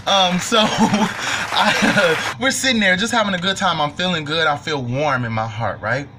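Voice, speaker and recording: A young man telling a personal story to camera in an animated, joking, profane way. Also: a little high, a little slow, noisy background. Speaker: vlogger. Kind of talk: storytime monologue.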